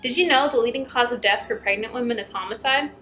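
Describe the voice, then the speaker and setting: A woman's voice: fairly high pitch, fast, a bit bright, soft background music, low-quality recording. A young woman reading scary stories aloud as a YouTuber, breaking in with chatty asides.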